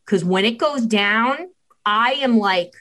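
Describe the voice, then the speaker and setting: A middle-aged woman talks as a podcast guest with an expert's assurance. She tells stories briskly, acting out the dialogue with swings up and down in pitch. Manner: animated storytelling, acting out dialogue. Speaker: guest, child mental health expert. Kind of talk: podcast interview.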